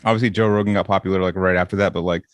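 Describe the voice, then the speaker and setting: A man's voice: low voice, fairly even intonation, very fast, smooth, dry recording. A man guest on a podcast telling a story in casual chat, rambling with lots of "like" and heavy swearing.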